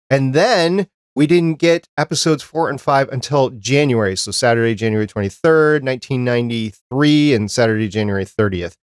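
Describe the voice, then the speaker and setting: A man's voice: fairly high pitch, clean tone, no room sound, studio quality. A man hosting a casual podcast chat, talking in an easygoing, rambling way. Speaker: podcast host.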